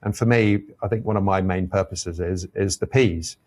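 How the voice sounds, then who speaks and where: A man with a low, deep voice speaks as a guest on an interview podcast. He is an airline captain and talks in a thoughtful, measured way, working through his ideas step by step. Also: a little mellow. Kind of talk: reflective conversational interview.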